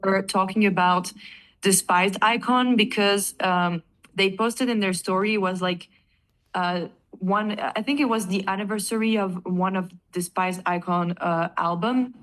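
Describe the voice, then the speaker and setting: A woman with a French accent, chatting casually as a band vocalist in an interview, animated and laughing often. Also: medium pitch, a little slow. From France.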